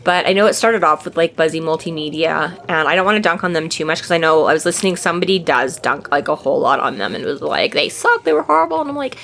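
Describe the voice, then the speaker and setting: A woman's voice: low voice, expressive, fast, few pauses, a bit bright. A woman co-hosting a book podcast in casual chat, swearing freely and acting out the characters' lines. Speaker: podcast co-host.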